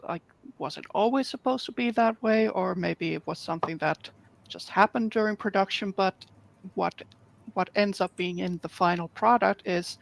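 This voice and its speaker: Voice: mid-range voice, gravelly, low-quality recording. A speaker on a panel discussion who talks hesitantly, with many restarts.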